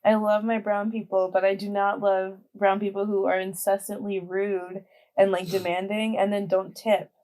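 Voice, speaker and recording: A woman's voice: medium pitch, flat delivery, moderate pace, darkish tone. A woman in her twenties chatting casually as a podcast guest, talking in a rambling way with lots of fillers. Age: 20s. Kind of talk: casual chat.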